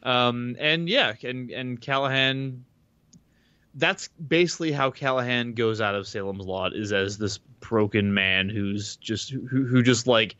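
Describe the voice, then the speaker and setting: A man at a medium pitch chats loosely on a podcast, recapping a book with plenty of restarts and the odd swear word. The sound is dry and a little dull, like a modest home mic setup. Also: a little slow, pushed and bright, smooth, no room sound. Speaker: podcast co-host. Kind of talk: casual chat recapping a book.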